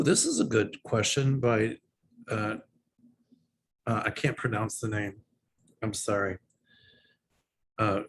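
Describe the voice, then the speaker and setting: A man's voice: on the low side, slight background noise. A man answering viewer questions as a psychic host in a casual, opinionated way, with frequent ums and restarts. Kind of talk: casual livestream Q&A.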